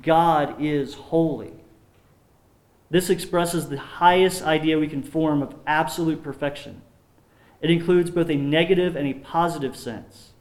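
A man preaching a sermon as pastor, earnest and measured, often dropping his voice low on solemn points. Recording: roomy echo.

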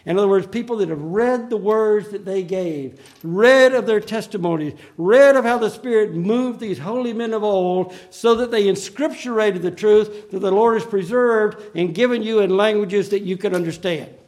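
A man preaching a sermon in an earnest, emphatic way, slowing down to stress key phrases. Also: high voice, a little mellow.

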